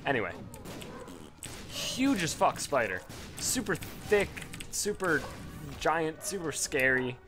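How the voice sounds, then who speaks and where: Over music, a man rambles through casual gameplay commentary, telling a story packed with swearing and sudden excited leaps in pitch. He speaks slowly, leaving long pauses.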